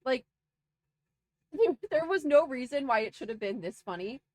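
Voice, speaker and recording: A young woman chats to her stream with a high, bouncy voice that leaps all over the place as she laughs through a travel story. She's animated and giggly, packed with fillers. The sound is dry and close. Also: measured pace, dry recording. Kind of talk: casual storytelling to a livestream chat.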